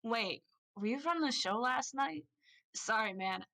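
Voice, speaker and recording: Woman doing a brash punk bat dude, attempted jersey accent, bright tone, swooping voice, obnoxious. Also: fairly high pitch, animated, measured pace, creaky, full character voice. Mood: breezy. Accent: attempted New Jersey. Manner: brash, slangy, casual. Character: loud obnoxious young emo punk bat man.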